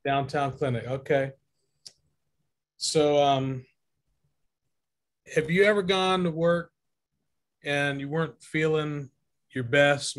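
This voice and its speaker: Affirming man hosting a video call. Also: mid-range voice. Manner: conversational, affirming, asks questions. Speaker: host. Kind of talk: hosting an online discussion.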